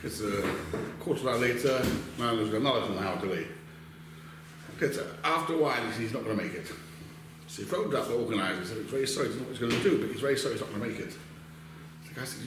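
Casual torah class guy telling a story in a big echoey room, lots of restarts, light hiss behind. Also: mid-range voice. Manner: conversational, halting, full of restarts and Hebrew terms.

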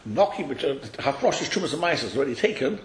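A man teaching a study class, explaining a text to his students in an animated, questioning way and calling on them by name. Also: fairly high pitch, fast. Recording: echoey room.

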